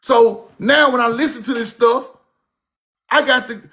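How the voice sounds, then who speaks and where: A man telling stories about his grandmother in a casual monologue. He is animated and profane, and he repeats himself for emphasis. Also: very high voice, measured pace. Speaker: speaker recounting his grandmother's teachings.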